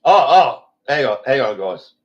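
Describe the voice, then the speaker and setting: Slightly slow and full of big pitch swings, the mid-range voice of this Australian online show host sounds stuffy and congested. He rambles casually and bluntly, swearing freely, and the lo-fi stream audio is dull.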